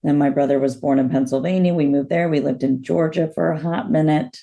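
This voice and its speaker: A woman comedian from the Northeastern US with a mixed Philadelphia and Florida accent, chatting as a guest, animated and quick to laugh. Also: low-pitched, vocal fry. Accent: mix of Philadelphia and Florida. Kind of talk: casual interview chat.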